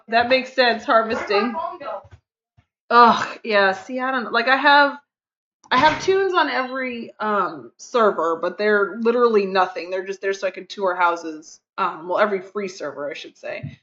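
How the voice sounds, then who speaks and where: Chatty woman streamer, rambles to chat, hums while working; mid-pitched, lo-fi mic. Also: animated, measured pace, fairly bright tone, a little hiss or hum. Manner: hums and counts under her breath. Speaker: game streamer. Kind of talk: casual live-stream chat.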